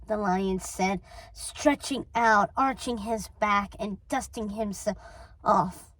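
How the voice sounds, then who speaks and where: A woman reading a chapter of a children's novel aloud in a deliberate storytelling manner. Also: mid-range voice, a bit bright, dry recording, rough recording. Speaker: storybook reader.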